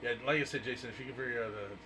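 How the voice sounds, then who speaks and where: A man hosting a live internet radio talk show, teasing his co-host in loud, joking, profane banter. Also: medium pitch, racing, background noise.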